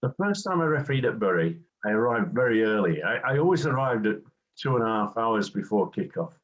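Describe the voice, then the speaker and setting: A man's voice: fairly low pitch, sing-song, fairly quick, muffled recording. An older English man, a former football referee, reminiscing in an interview and telling anecdotes with acted-out quotes.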